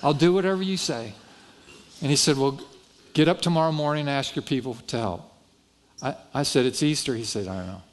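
A man preaching with a fairly high voice. He tells a personal story from the pulpit in a folksy, self-deprecating way, acting out what each person said. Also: fairly quick, long pauses. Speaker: pastor. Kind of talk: sermon storytelling.

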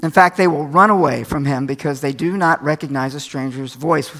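A man's voice: fairly high pitch, a little fast, a bit bright. An older man preaching a sermon in a folksy, conversational way, telling stories from his own life, a little tired. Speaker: pastor.

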